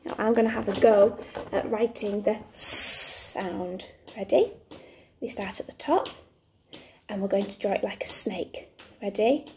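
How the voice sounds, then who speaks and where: A woman teaching young children their letter sounds, talking slowly and patiently. Her voice sits fairly high but has a soft, mellow tone. She showers the children with sing-song encouragement. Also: slight background noise. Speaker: primary school teacher. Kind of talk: phonics lesson for young children.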